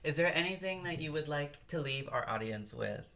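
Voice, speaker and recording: A podcast host chatting casually with a guest, with quick, joking reactions and interjections. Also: mid-range voice, lively intonation, vocal fry, fairly bright tone. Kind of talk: casual chat.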